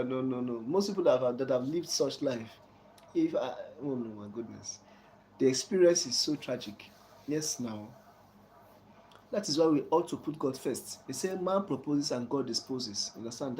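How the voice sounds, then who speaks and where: A man giving casual, preachy life advice to a viewer, often asking "you understand?" and chuckling softly. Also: mid-range voice, slight background noise, rough recording. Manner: soft chuckles between points.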